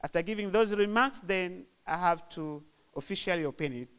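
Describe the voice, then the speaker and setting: A man's voice: high voice, a bit bright, clean tone. Tanzanian man giving a formal opening speech. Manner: measured, repetitive, formal phrasing. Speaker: guest of honour opening a conference.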